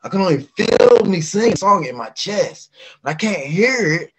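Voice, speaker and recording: A middle-aged man from West Virginia, a guest singer telling a lively casual story and acting out the voices of people in it. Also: high-pitched, normal speed, breathy edge, low-quality recording.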